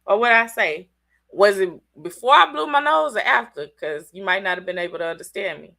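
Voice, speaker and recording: A woman hosting a casual livestream, talking straight to her viewers in an animated, chatty way, congested from a cold, with country-sounding speech. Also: medium pitch, fairly quick, creaky. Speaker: livestream host.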